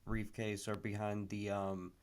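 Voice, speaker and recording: A man interviewing, asking halting, hesitant questions. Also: lowish voice, level tone, smooth. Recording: quiet, off-mic.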